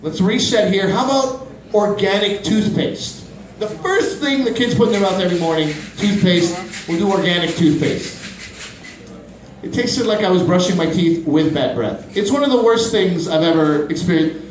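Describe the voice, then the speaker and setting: A man in his thirties doing a stand-up comedy set in a small club, animated and quick to jump into high-pitched voices for his bits. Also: slight background noise. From Pakistani family, grew up in Canada. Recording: roomy club from a distant mic.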